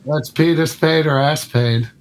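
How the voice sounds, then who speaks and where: A man's voice: on the high side, unhurried. Playful, laughing man on a podcast. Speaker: podcast co-host, quiz contestant. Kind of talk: casual podcast banter.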